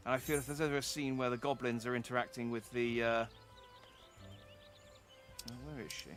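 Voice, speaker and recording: A man's voice: mid-range voice, little pitch movement, fairly quick, a bit bright, soft background music. A man streaming as a VTuber, chatting casually through a game and often correcting himself mid-sentence. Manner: rambling, self-correcting, chatty. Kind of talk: casual gameplay commentary.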